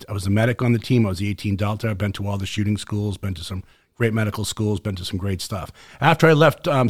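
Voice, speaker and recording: A man with a Boston accent hosting a casual podcast, talking fast and passionately, with many fillers and restarts. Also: on the low side, darkish tone, no echo, studio quality. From Boston area. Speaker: host.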